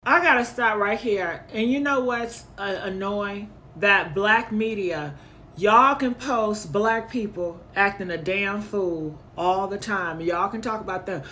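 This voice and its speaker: A woman's voice: mid-range voice, a little slow, sharp tone, slight background noise. A woman hosting a commentary channel, reacting to clips in an indignant, emphatic way and repeating her points.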